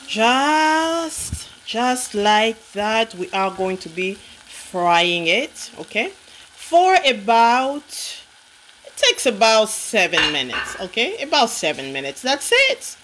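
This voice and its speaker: This cooking vlogger is a woman with a fairly high, fairly bright voice, very animated yet slow, captured on a low-quality recording with a little hiss or hum. Food fries and sizzles as she demonstrates casually, teasing viewers with sass, calling them honey, and saying "okay?" again and again.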